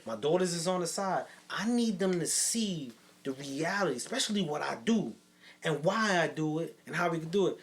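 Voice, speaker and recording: A New York man tells a story on a casual podcast, his voice sitting high. He slips into the voices of the people he quotes, with loose street slang and plenty of drive. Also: expressive, normal speed. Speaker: co-host, youth program leader.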